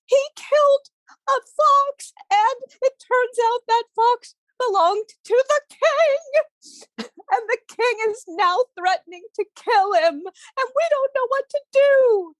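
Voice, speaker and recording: Woman doing a wailing young daughter, shrill. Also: expressive, takes it slowly, no echo, full character voice, rough recording. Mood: distraught. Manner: high, wailing and pleading. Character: weeping young daughter of a woodcutter.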